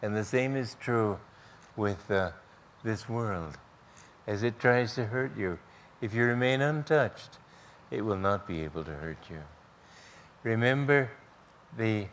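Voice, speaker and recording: A low-voiced man gives a gentle spiritual talk in an auditorium, telling stories with pauses and restarts. A faint hiss sits under his voice. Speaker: spiritual teacher.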